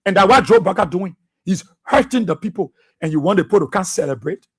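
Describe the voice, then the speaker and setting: A man's voice: sits high, animated, fast, breathy edge. A man with a Liberian English accent, hosting a talk radio show and delivering fiery, repetitive political commentary.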